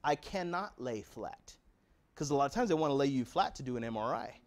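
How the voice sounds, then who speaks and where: A man with an American accent gives a patient education talk, mid-pitched and direct. He presses his points with rhetorical questions, earnest and practical, speaking straight to the families in front of him. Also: expressive, rapid-fire.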